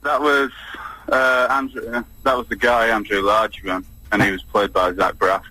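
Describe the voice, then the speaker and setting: A man's voice: on the low side, flat delivery, normal speed, pushed and bright, no room sound, low-quality recording. A man calling in to a radio show, answering in a laconic, polite way. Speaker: caller. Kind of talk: phone-in call.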